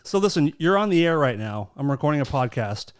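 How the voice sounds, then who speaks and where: A podcast host in loose, profane banter with his friends, laughing often. His voice sits a little high for a man. The sound is very dry and close to the mic. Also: big pitch swings, fairly quick, smooth, dry recording.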